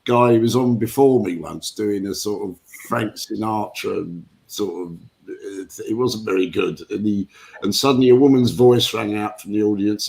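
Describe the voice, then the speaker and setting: A man's voice: on the low side, moderate pace, creaky, darkish tone. Older man telling wry, rambling anecdotes. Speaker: guest comedian. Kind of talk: casual chat.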